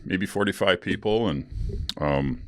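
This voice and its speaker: A middle-aged man hosting a podcast speaks in a low-pitched, unhurried, slightly bright voice, in a dry, studio-quality recording. His casual storytelling rambles loosely, full of fillers and restarts, with some blunt swearing.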